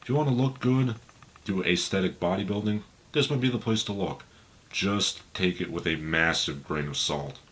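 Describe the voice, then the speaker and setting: A man's voice: deep voice, normal speed, a bit bright, husky. A man hosting a comedic review, with dry, sarcastic commentary. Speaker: video reviewer and host.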